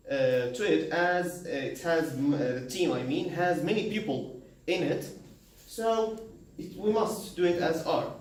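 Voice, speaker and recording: A man giving a university class presentation, halting, with many fillers, restarts and non-native grammar. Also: a little high, darkish tone, recorded from a distance. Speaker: student presenter. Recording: very echoey room, voice from afar, faint noise.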